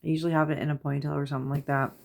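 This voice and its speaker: A woman in her thirties with a notably low voice, chatting at home in a loose, rambling vlog. She laughs often and gets lively when she quotes herself. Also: rapid-fire, gravelly. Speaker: mother and vlogger. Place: at home before bed.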